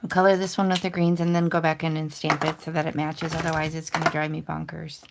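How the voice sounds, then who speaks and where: A woman's voice: low-pitched, little pitch movement, fast, gravelly, hardly any pauses, heavy background noise. A woman in her thirties hosting a casual crafting livestream, chatting to viewers in a self-deprecating, rambling way. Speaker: crafting channel host. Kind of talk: casual livestream chat while stamping and coloring.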